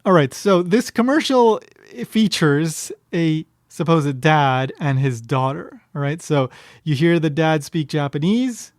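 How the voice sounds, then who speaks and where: A man's voice: on the high side, animated, a little slow. A man hosting a podcast in casual commentary, rambling with fillers and restarts and a wry, amused manner. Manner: wry, amused, breaks into chuckles. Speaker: podcast host.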